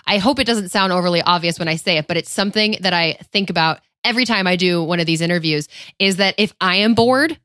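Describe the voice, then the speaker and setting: A woman hosting a podcast chats in an upbeat, reflective way. Her voice sits a little low, and the recording is dry and close with no room sound. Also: fast, fairly bright tone, no room sound. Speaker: podcast host. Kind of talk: casual podcast chat.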